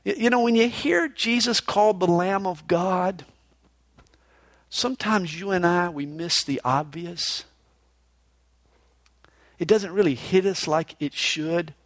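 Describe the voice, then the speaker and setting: A male pastor preaching a verse-by-verse sermon, earnest and expressive, moving between emphatic rises and hushed lows, with a conversational "you know" style. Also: takes it slowly, pauses often, no room sound. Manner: conversational, with frequent "you know" fillers and restarts.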